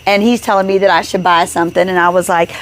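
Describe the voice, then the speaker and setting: A woman co-hosts a casual podcast chat from home, speaking quickly in a fairly low voice. She's an energetic storyteller who acts out the dialogue of each person she quotes.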